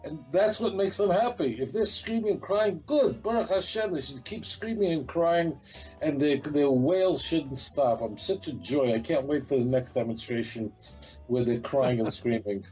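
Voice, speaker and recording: A man's voice: on the high side, normal speed, darkish tone, faint music behind, low-quality recording. A man, a rabbi speaking as an interview guest, talking in an emphatic, defiant, repetitive way. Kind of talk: heated interview talk.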